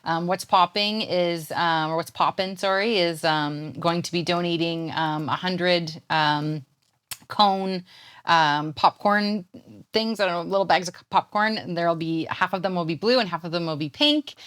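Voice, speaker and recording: A woman's voice: fairly low pitch, unhurried, fairly bright tone, smooth. A woman in her thirties from Canada, a poet and guest chatting casually in an interview, rambling with lots of fillers.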